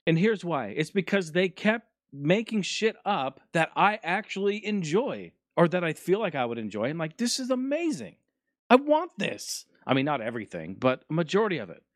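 A man's voice: a little high, lively intonation, a little fast, few pauses, no echo, studio quality. A man hosting a casual solo podcast, ranting animatedly and swearing often. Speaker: podcast host.

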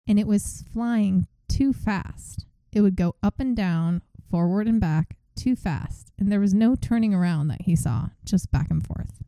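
A woman's voice: medium pitch, a little slow, hardly any pauses, no echo, poor audio. A woman podcast host casually retelling a story and acting out its quotes. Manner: animated retelling, reenacts quotes.

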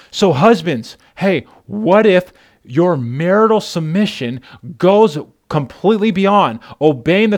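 A man preaching a sermon who speaks emphatically and calls out directly to his congregation. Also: on the high side. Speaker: pastor.

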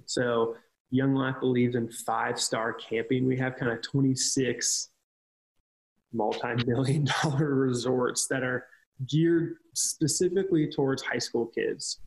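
Man with a gravelly, earnest voice. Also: mid-range voice, fairly even intonation, a little slow, low-quality recording. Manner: storytelling, earnest, with frequent restarts. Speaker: ministry leader. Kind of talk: casual podcast chat.

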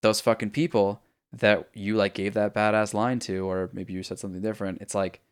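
Rambling, profane man, low voice. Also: fairly quick, clear, resonant tone. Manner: rambling, profane, animated retelling with many fillers. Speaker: podcast co-host. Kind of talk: casual chat about a video game.

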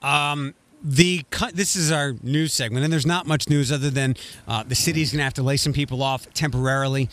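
A man's voice: mid-range voice, steady tone, brisk, a bit bright. A man co-hosting a podcast, chatting casually with frequent restarts and a rambling manner. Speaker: podcast co-host. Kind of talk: casual chat.

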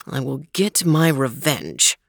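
A woman voicing a scheming male vizier magician in a lowered, menacing storybook voice. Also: big pitch swings, slow, creaky, no room sound, clean studio sound, exaggerated voice. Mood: vengeful.

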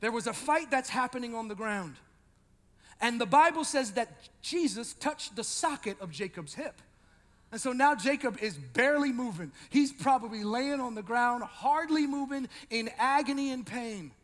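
A male pastor preaching an animated sermon, swinging from loud shouting to quiet intensity, with joking asides to the congregation. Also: very high-pitched, normal speed, in a large hall.

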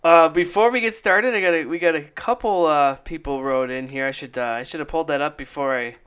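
Male podcast host, slightly higher voice, bright, chatty, laughs a lot. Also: a little fast, clear, resonant tone. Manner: laughs often, rambling with fillers. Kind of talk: casual podcast chat.

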